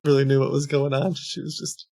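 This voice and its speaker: A man hosting a livestream, chatting casually with a guest and retelling calls in an animated way, quoting the voices of the people he talked to. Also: mid-range voice, a little fast, vocal fry, no echo, clean studio sound. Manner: animated storytelling with quoted voices. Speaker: livestream host.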